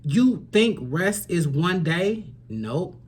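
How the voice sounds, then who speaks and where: A woman giving a spiritual tarot reading to camera, earnest and preachy. She repeats phrases for emphasis and sometimes drops to a soft near-whisper. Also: lowish voice, expressive, drawn-out words, slightly rough. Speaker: tarot reader.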